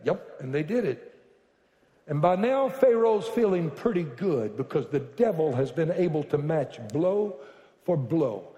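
A man preaching a sermon as pastor, telling stories with joking asides that build to loud bursts. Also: a little high. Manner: animated storytelling with joking asides, bursts to shouting. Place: church sanctuary. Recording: echoey reverberant hall.

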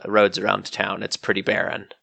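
Relaxed game master, dry close voice. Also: male voice, fairly low pitch, fairly quick, gravelly, husky, dry recording. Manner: relaxed, rambling, self-correcting narration. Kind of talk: narrating a tabletop game.

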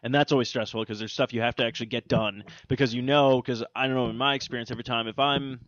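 A man's voice: mid-range voice, steady tone, quick pace, a bit bright, lo-fi sound. Rambling, swearing male podcast host. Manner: rambling, profane storytelling. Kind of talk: casual chat.

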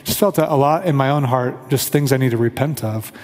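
In a church sanctuary with a long reverb tail, a Kansas City-area man speaks briskly in a mid-range, darkish voice. As pastor he gives an earnest, conversational sermon, leads prayer, and performs quoted voices.

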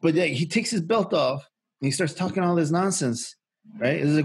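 Husky man telling a rambling story. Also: fairly high pitch, fairly quick, a little mellow. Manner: rambling, profane, many fillers and restarts. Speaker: podcast co-host. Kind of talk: casual storytelling.

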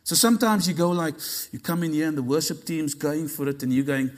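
Male pastor, high voice, lively storytelling sermon delivery. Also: fairly quick, few pauses. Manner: animated storytelling, acting out dialogue.

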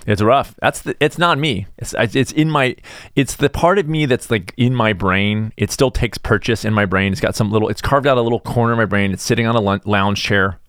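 A middle-aged man hosting a casual solo podcast, rambling through self-deprecating asides and animated tangents. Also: fairly low pitch, fairly quick, no room sound, clean studio sound. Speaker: podcast host.

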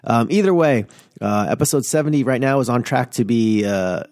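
A man's voice: mid-range voice, normal speed, no echo, studio quality. A man hosting a casual podcast, talking loosely with frequent "like" fillers. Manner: relaxed, lots of "like" fillers. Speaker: podcast host.

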